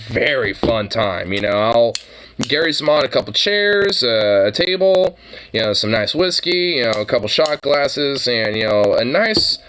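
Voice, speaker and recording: A man's voice: medium pitch, lively intonation, a little slow, fairly bright tone, slight background noise, low-quality recording. A man streaming a reaction to videos, talking in a casual, rambling way that is heavy with fillers, restarts and swearing.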